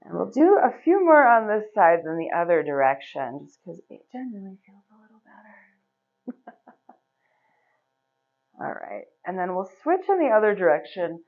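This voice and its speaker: A woman teaching a yoga class, giving relaxed, chatty instructions and laughing often. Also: on the low side. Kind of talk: guiding a live yoga class. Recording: slightly dull, lo-fi recording.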